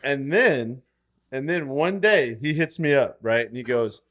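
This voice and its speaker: A man in his thirties co-hosting a podcast, telling a story in casual chat, animated and swearing, acting out quotes. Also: mid-range voice, measured pace. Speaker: podcast co-host.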